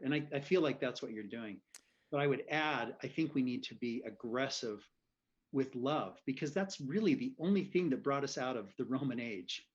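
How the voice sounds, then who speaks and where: A man telling a story in a casual interview, animated and quick to laugh. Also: medium pitch, lo-fi sound. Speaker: physician guest.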